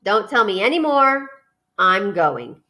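A woman voicing a greedy male rat who grumbles and drawls slowly. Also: mid-range voice, very animated, sharp tone, full character voice. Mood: grumbling.

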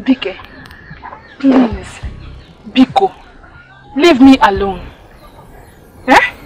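A defiant young maiden. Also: female voice, high-pitched, very animated, very slow, darkish tone, full character voice. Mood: pleading. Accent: Nigerian. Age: young adult. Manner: firm, dismissive. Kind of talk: Nollywood film acting.

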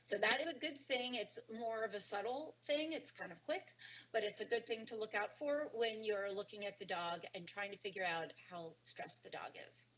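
A woman talks through a lesson on dog body language in a loose, conversational way. She pauses on ums and restarts her sentences. Her voice sits at an ordinary middle pitch, with a faint hum underneath. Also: a bit bright, low-quality recording. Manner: casual explaining with many ums and restarts. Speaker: dog training instructor. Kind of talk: webinar lecture.

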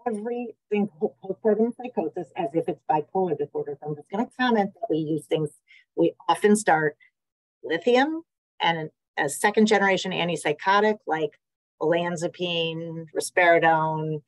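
A woman's voice: on the low side, normal speed, dry recording, poor audio. A woman psychiatrist with an American accent giving a conversational webinar talk over a video call, with many fillers and restarts. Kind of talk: webinar presentation.

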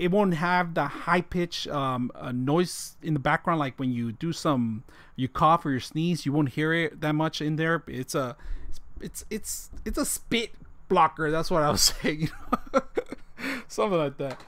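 A man's voice: on the high side, a little slow, fairly bright tone. A man streaming live from home, joking with chat and tacking "man" onto his sentences, on a desk condenser mic with a pop filter. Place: home room with a dog.

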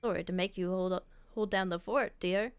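A woman voicing a kindly elderly grandparent from a game, reading the dialogue in a gentle, doting old-folks voice. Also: medium pitch, steady tone, fairly quick, clean tone, faint music behind, pitched below the performer's own voice, lightly acted.

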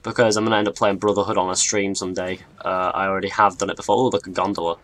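Young male gaming YouTuber, mixed English accent, rambling and excitable commentary. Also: low-pitched, racing. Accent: mixed northern and southern English. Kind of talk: let's play commentary.

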